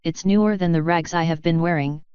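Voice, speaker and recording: A man's voice: on the high side, a little fast, a little mellow, clear, resonant tone, dry recording, lightly acted. A woman voicing a sardonic, grumbling human man with a dry, exasperated manner, in a dull lo-fi recording.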